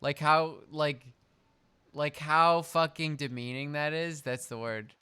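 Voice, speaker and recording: A man's voice: on the high side, steady tone, slow, sharp tone, slight background noise. A man streaming, chatting casually as he reacts to a video, rambling and swearing as he thinks aloud. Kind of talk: casual chat.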